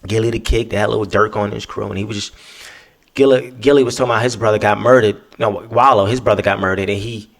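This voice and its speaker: A man's voice: lowish voice, fairly even intonation, fast talker, creaky. A man hosting a podcast, talking alone in a loose, profane, emphatic way and often tagging his points with "right?". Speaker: podcast host. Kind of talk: casual monologue.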